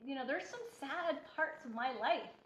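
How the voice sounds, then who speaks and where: A woman's voice: high voice, moderate pace, a little hiss or hum. A woman giving a blunt, preachy motivational talk as a healthy-eating coach, speaking emphatically to her viewers. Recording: echoey room, dull lo-fi sound.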